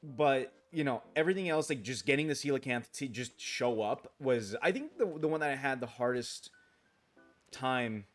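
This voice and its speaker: A man's voice: medium pitch, expressive, normal speed, soft background music. A man streaming a game late at night in casual chat, rambling, restarting his sentences, grumbling at the game and answering viewer comments aloud.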